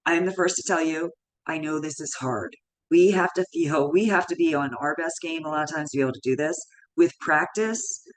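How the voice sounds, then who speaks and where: A woman's voice: deep voice, rough recording. A woman, a psychologist in her thirties or forties, giving a conversational parenting talk and acting out short dialogues as examples. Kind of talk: educational talk.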